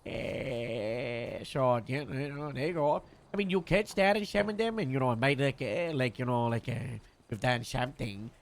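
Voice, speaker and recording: Gravelly police captain, a man in role-play, halting and full of uh's; mid-pitched. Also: expressive. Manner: hesitant, full of uh and restarts. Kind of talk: in-character role-play chat.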